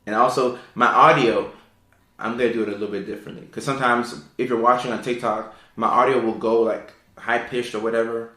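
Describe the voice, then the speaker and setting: Speaking a little fast with fairly even intonation, this man has a bright, forceful voice that echoes around the room. He is running a laid-back live stream indoors at home, answering viewer questions about neurodivergence and often using fillers and repeating himself. He calls his voice sultry and low.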